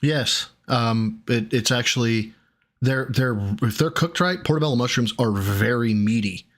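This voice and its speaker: A man streaming, pausing a clip to talk back at it in exasperated, profane casual commentary. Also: mid-range voice, a bit bright. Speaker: streamer reacting to a video.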